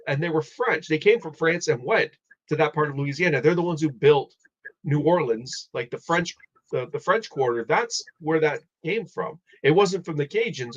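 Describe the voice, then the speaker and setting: A man hosting a live stream, explaining history in a rambling casual way with many restarts. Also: a little high. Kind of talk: casual chat. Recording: dull lo-fi audio.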